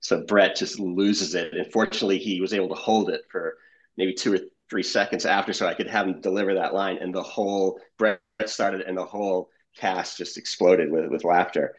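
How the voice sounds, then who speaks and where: A man's voice: sits low, fairly even intonation, moderate pace, poor audio. A man, a comedy editor, telling behind-the-scenes stories in a casual interview and laughing often.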